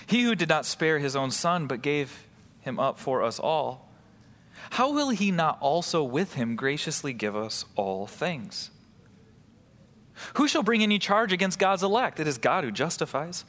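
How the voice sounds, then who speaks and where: A man's voice: high voice, very animated, a little slow, fairly bright tone, big-room sound. A man preaching a sermon, reading scripture and then explaining it with emphatic rises and drops.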